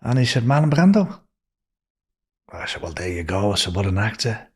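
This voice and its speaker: A man's voice: deep voice, fast talker, creaky, fairly bright tone, husky. An older man with a Liverpool accent, a podcast guest telling long anecdotes with restarts and swearing. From England. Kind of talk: storytelling in a podcast interview.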